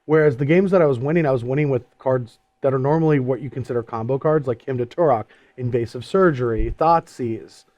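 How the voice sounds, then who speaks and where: A man's voice: medium pitch, brisk, few pauses, no room sound, muffled recording. Laughy guy chatting after a match, medium voice, dry sound no room. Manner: animated, laughing, jokey. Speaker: co-host. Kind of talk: casual post-match chat.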